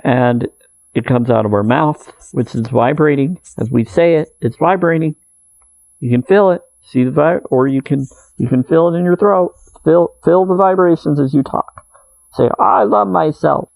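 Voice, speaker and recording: A man speaks in an unhurried, earnest spiritual monologue, circling back to repeat his phrases. His voice is gravelly and mellow, at a middling pitch. The sound is dry and close. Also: dry recording, poor audio. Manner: earnest, meandering, repeats phrases, soft laughs. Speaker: spiritual video maker.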